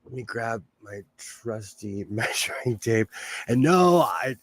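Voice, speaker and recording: A man's voice: medium pitch, expressive, slow. A man chatting casually on his sewing livestream from his home sewing room, rambling and laughing often. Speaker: livestream host.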